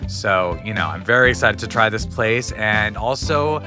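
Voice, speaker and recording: A man in his forties hosting a casual dinner conversation in a restaurant, chatty and quick to laugh, with lots of fillers. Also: lowish voice, expressive, music in the background. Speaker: host. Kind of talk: casual chat over dinner.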